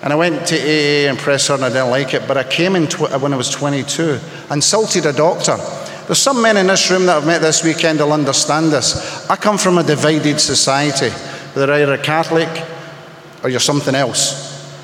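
A man's voice: a little high, moderate pace, fairly bright tone, slight background noise. A man sharing his personal story at a recovery meeting, wry and self-mocking, with punchy comic timing. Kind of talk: humorous personal storytelling to an audience. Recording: echoey hall with faint ambience.

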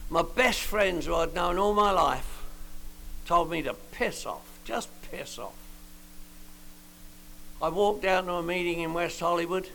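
An older man shares his story with a meeting crowd in a casual, wisecracking way. His voice is gravelly and sits a little high. Faint noise hums under the talk. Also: measured pace, pauses often, bright, forceful tone, rough recording. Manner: joking, colloquial storyteller with slangy asides. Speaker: recovery meeting speaker. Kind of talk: personal testimony to a meeting.

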